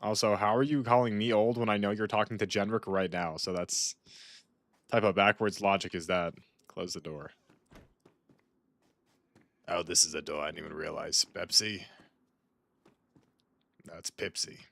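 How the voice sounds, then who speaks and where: A young man's voice sits low and gravelly, a bit bright, with little pitch movement, normal speed, and long pauses. As a gaming streamer, he chats casually over his video game, rambling, cutting himself off, and talking with an off-mic friend.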